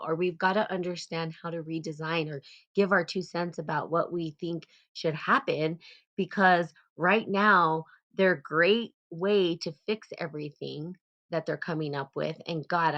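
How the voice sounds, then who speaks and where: A woman hosting a casual live talk, blunt and animated, swearing freely as she calls people out. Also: lowish voice, lo-fi sound. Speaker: host.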